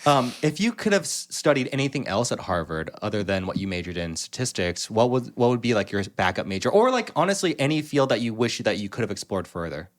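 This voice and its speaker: A man's voice: medium pitch, very animated, fast, few pauses. A man hosting a podcast, asking questions in a casual, joking way and laughing often. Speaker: podcast host. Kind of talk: casual interview chat.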